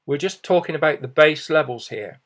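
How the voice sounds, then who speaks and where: A man's voice: fairly high pitch, lively intonation, a little fast, fairly bright tone. A middle-aged man giving a persuasive business presentation, reassuring and often adding "okay" and "you know".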